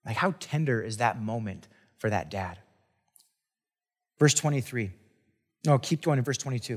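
A man's voice: mid-range voice, lively intonation, moderate pace, big-room sound. A man preaching a conversational sermon as a pastor, talking casually and chattily with restarts and asides.

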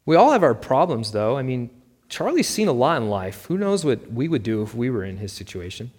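A man voicing a kindly churchgoing woman who speaks softly and earnestly, gently persuading. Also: mid-range voice, very animated, fairly quick, slightly rough. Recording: long reverb.

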